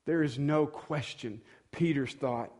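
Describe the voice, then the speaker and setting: A man's voice: fairly high pitch, takes it slowly, darkish tone. A male pastor giving a sermon in a conversational tone, acting out quoted dialogue and building to moments of emphasis.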